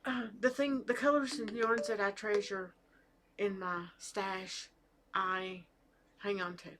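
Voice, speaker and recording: A woman's voice: medium pitch, fairly even intonation, slow pace, a bit bright, a little hiss or hum. A middle-aged woman chatting casually to camera about her knitting, hesitant, with fillers and restarts. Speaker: knitting vlogger. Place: home with family talking in the background.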